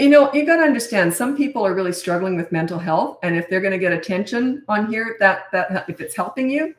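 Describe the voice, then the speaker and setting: A middle-aged woman answers viewers' parenting questions in a chatty, straight-talking way, often restarting her sentences. Her voice is mid-pitched. It bounces around an echoey room, and she sits back from the microphone. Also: far from the mic. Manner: blunt and frank, chatty with restarts. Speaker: parenting coach.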